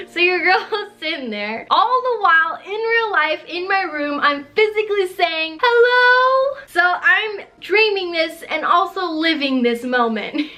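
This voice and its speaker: A young woman telling a storytime vlog, animated and laughing often as she talks. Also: high voice. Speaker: vlogger.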